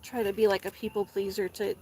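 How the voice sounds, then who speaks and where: A woman's voice: mid-range voice, level tone, fairly quick, a little mellow, slight background noise. A young woman vlogger chatting casually while gardening, rambling, saying "like" a lot and laughing often. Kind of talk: casual chat. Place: garden, repotting plants.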